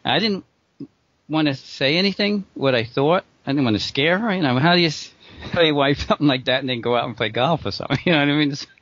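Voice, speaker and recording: A man's voice: on the high side, expressive, fast talker, a bit bright, no room sound, dull audio. A middle-aged man rambling through a true story in casual conversation, with lots of restarts and short laughs. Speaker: guest telling a true story.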